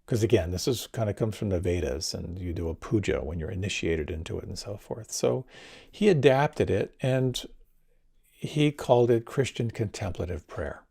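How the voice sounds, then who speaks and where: Male meditation teacher, low husky voice, gentle and unhurried guidance. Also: expressive. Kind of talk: guided meditation talk.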